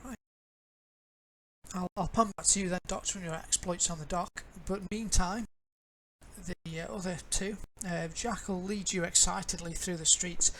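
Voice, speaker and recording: A woman narrating a tabletop game as game master, in a relaxed, halting way. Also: fairly low pitch, a little hiss or hum, low-quality recording. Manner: relaxed, halting with fillers and restarts.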